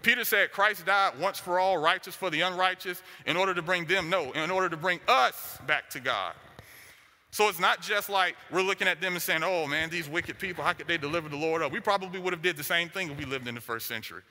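A man's voice: high voice, a little fast, sharp tone. A man preaching a sermon, driving his points home with short, repeated declarations. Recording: long hall reverb.

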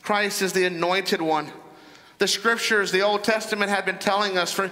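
A man's voice: sits high, pushed and bright. A man preaching a sermon as pastor, emphatic and repeating phrases for stress. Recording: long hall reverb.

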